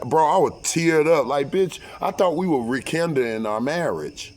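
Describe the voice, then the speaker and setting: A man telling a personal story in casual, profane speech, acting out quotes loudly and often repeating and restarting his words. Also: on the high side, expressive, moderate pace.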